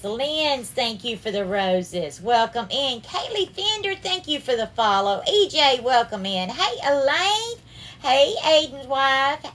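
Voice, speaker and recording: A woman with a Southern US accent runs a casual cooking livestream, her voice sitting a little high. She talks in an affectionate way, calling viewers darling and sweetheart as she greets them by name. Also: fairly bright tone, a little hiss or hum. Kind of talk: casual live-stream cooking chat.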